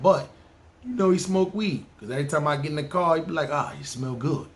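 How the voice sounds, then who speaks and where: A man from New telling a story on his podcast, lively and full of slang and profanity. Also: medium pitch. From New York. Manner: animated, profane, slangy, talks to listeners. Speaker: podcast host. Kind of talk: storytelling monologue.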